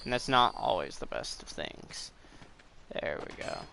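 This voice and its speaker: A young man talks over his gameplay in a loose, rambling way, stopping to swear whenever the game catches him out. His voice is bright and forward, and a faint hiss sits under it. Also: fairly low pitch, lively intonation, measured pace, gravelly. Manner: rambling, swears at the game, breaks into frustrated outbursts. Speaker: gameplay commentator. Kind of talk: casual let's play commentary.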